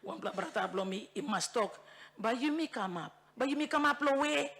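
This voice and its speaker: A woman's voice: fairly high pitch, expressive, a little fast, vocal fry, fairly bright tone. A woman from Bougainville with a Bougainville accent, a member of parliament giving an impassioned debate speech, repeating phrases for emphasis and slipping into Tok Pisin. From Bougainville, Papua New Guinea. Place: parliament chamber.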